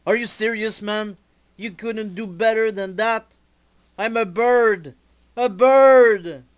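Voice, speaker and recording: A man voicing a brash, short-tempered young sidekick who complains loudly and with exasperation. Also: high-pitched, slow pace, clear, resonant tone, pitched above the performer's own voice. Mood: outraged.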